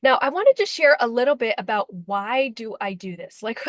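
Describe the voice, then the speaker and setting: A woman's voice: a little high, expressive, moderate pace, a bit bright, no echo. Earnest woman relationship coach, dry sound. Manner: emotional, heartfelt, with frequent fillers. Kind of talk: earnest direct-to-camera talk.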